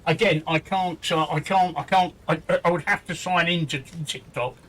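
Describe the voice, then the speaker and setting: A man co-hosting a live stream who sounds flustered as he sorts out a technical problem. He speaks in a slightly raised pitch and mutters his way through it. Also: normal speed, a bit bright. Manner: flustered, mutters while fiddling with logins. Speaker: stream co-host. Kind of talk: casual live-stream chat.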